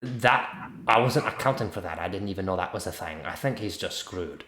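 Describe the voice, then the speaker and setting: Low-voiced man running a tabletop game. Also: sharp tone, roomy sound. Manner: casual, halting narration with fillers. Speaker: game master.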